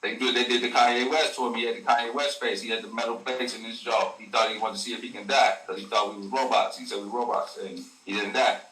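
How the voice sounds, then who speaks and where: Fast-talking man, echoey room. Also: lowish voice, fairly even intonation, bright, forceful tone, slight background noise. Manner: fast, profane street slang with acted quotes. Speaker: guest. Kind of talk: casual storytelling. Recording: echoey room, a bit far from the mic.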